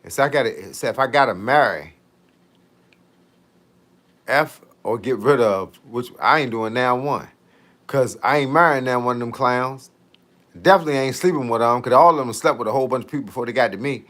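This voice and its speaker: A man's voice: medium pitch, a little fast, a bit bright. Slangy, joking man chatting live. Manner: laid-back and joking, heavy slang. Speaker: fitness coach hosting a live stream. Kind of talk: casual live-stream chat, reading viewer comments.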